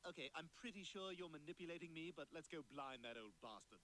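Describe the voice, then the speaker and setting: A man's voice: a little high, animated, fast, lightly acted. An actor voicing a scheming, precocious baby boy with refined diction and an arch, sarcastic manner.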